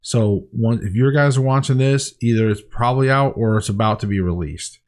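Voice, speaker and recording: A man's voice: medium pitch, fairly quick, darkish tone. A man talking candidly to camera in a diet vlog, rambling and heartfelt with frequent restarts. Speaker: weight-loss diary vlogger.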